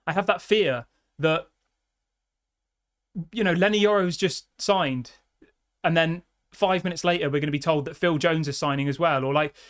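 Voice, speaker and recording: Young male streamer, upbeat fan chatter, slightly high voice, reads comments aloud. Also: normal speed, pauses often, fairly bright tone. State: out of breath. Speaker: fan channel host. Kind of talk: live-stream fan chat.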